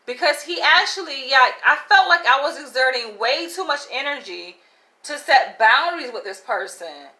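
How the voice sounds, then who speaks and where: Chatty bright-voiced woman telling a story. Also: high voice, very animated, unhurried, low-quality recording. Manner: chatty and candid, many "like" and "right?" asides, laughs often. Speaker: vlogger. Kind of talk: casual storytelling to camera.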